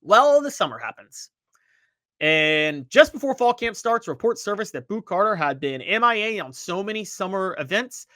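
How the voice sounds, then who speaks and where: A man hosting a sports talk show, giving animated, opinionated commentary and reading social media posts aloud. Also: high-pitched, moderate pace, no echo. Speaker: sports podcast host.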